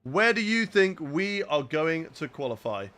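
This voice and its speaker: Energetic, bright-voiced southern English man. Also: a little high, measured pace, soft background music. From southern England. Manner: energetic, jokey, chats to viewers. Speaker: gaming streamer. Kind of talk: live gameplay commentary chatting with viewers.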